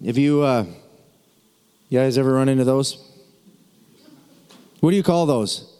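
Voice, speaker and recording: A man's voice: medium pitch, a little slow, warm tone, clear, resonant tone. A man preaching a sermon to his church in a casual, joking way, with playful asides to the congregation. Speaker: pastor. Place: church sanctuary. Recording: long hall reverb.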